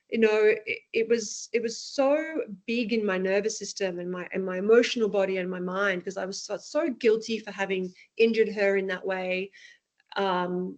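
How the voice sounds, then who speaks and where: A woman, an interview guest and parent, speaking candidly and emotionally with frequent restarts. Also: mid-range voice. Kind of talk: personal storytelling interview.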